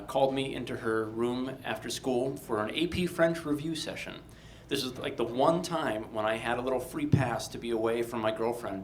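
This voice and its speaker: Wry, animated male storyteller. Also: medium pitch, slight background noise. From Delaware, USA. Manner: wry, animated, comic timing. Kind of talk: live personal storytelling for an audience.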